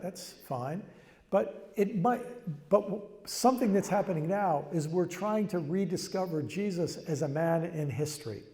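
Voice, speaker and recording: An older man with a mellow voice on the high side gives a reflective, conversational public talk, with long hall reverb in the recording. He often restarts his phrases.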